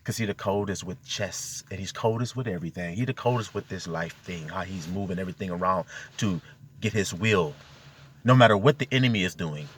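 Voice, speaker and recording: A man's voice: low-pitched, a little fast, a little hiss or hum. A man giving an impassioned spiritual monologue from inside a car, exhorting his listeners with rhetorical questions. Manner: exhorting, fired-up, peppered with rhetorical questions to the audience. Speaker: self-styled preacher.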